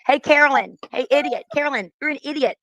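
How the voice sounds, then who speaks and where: A woman's voice: sits high, fast talker, a bit bright, no echo, low-quality recording. A woman streamer in a played clip, ranting in an insulting, dismissive way. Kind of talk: combative live-stream rant.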